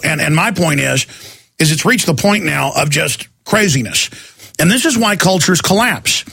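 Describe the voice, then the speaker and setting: A man's voice: on the high side, vocal fry, sharp tone, breathy edge, dry recording. A man hosting a talk radio show, ranting heatedly and mocking others in put-on voices.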